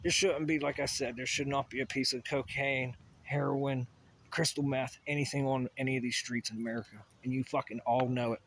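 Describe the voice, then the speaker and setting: A vlogger rants through a rambling solo monologue, profane and agitated, full of asides and restarts. His medium-pitched voice is a bit bright and fairly even in intonation, and he talks a little fast. There's slight background noise.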